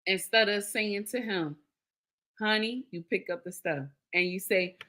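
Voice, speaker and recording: A woman's voice: medium pitch, a little slow, bright, forceful tone. A woman hosting a live stream, giving casual marriage advice to her viewers. She repeats her points, checks in with "okay?" and calls listeners "baby.". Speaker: live-stream host reading viewer comments.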